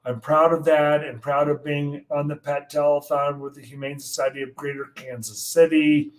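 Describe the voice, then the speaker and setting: Older male meteorologist guest, lively storyteller, somewhat high voice. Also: moderate pace, low-quality recording. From United States. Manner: animated anecdote telling, acts out quotes. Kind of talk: storytelling in an interview.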